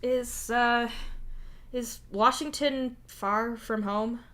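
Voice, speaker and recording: A woman voicing a wary, blunt male alien, raising her voice high when he yells. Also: expressive, takes it slowly. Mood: puzzled.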